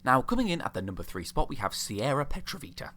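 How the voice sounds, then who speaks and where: A man's voice: mid-range voice, very animated, quick pace, pushed and bright. A young man giving sarcastic, ranting commentary on a video game, mocking the characters he talks about. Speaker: video host.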